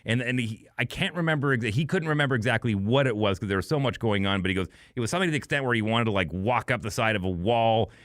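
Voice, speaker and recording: A middle-aged man co-hosting a podcast, telling a long anecdote in a casual, animated way and acting out the people he quotes. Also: medium pitch, fast talker, few pauses, no echo, clean studio sound. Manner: animated storyteller, acts out quoted voices. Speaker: podcast co-host. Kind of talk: casual storytelling chat.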